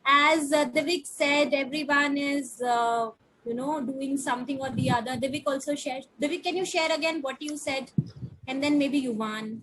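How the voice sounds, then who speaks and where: A woman teacher reading a picture book to young children over a video call, asking them slow, coaxing questions. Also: high voice, a bit bright, poor audio.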